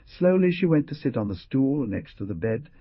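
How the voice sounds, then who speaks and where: A man reading a novel aloud as an audiobook narrator, in measured, descriptive narration. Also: medium pitch, big pitch swings, breathy edge, no room sound, dull audio. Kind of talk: scripted narration.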